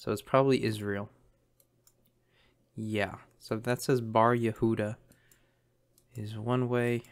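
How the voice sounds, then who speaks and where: Guy streaming a map guessing game, low-ish smooth voice, rambles and thinks out loud. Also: flat delivery, takes it slowly, pauses often. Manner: thinking aloud, chatty, many ums. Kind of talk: casual game commentary.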